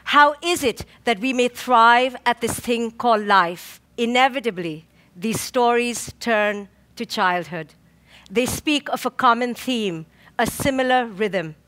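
A woman clinical psychologist giving an inspirational talk, slow and emphatic, with rhythmic lists and dramatic pauses. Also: fairly high pitch, a bit bright.

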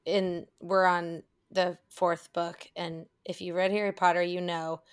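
Woman, podcast co-host, raspy gritty edge, rambling casual chat, laughs a lot. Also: on the low side, level tone, a little slow. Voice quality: slightly raspy, gritty tone right now. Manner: chatty, rambling, laughs often.

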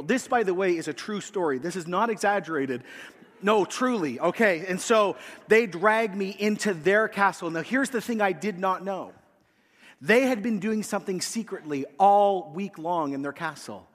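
Guy preaching, tells stories all animated, bit higher voice, long echo of a big church hall. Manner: animated storytelling, shouting quoted lines. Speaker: pastor. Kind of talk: sermon. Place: church hall, in front of a congregation. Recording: long reverb in a large hall.

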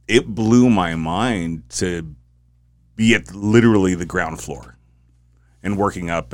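A man's voice: deep voice, no echo. A man hosting a podcast, upbeat and agreeable, laughing often in casual studio chat. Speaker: podcast host.

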